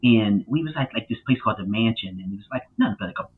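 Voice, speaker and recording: A man who is a guest on a podcast, telling his story in a casual, animated way with many fillers and loud acted-out quotes. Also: on the low side, rapid-fire, husky. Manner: animated, lots of fillers, acts out quotes loudly. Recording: tinny phone-like line.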